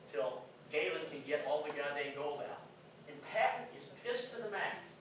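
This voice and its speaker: A man's voice: a little high, sing-song, normal speed, a bit bright, slight background noise. Man lecturing in an echoey hall. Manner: emphatic, with rhetorical questions to the audience. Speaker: conference speaker. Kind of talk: lecture to a live audience. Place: conference hall. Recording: echoey hall, distant mic.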